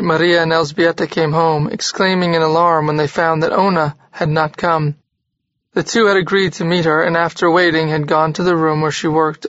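A man reading a classic novel aloud in a steady, measured way. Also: on the high side, no echo, muffled recording. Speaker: audiobook narrator. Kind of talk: scripted narration of a classic novel.

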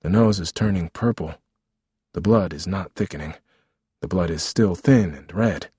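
A man's voice: sits low, normal speed, dark tone, slightly rough, dry recording, clean studio sound. A man reading a memoir aloud as narrator, with a wry, vivid storytelling manner.

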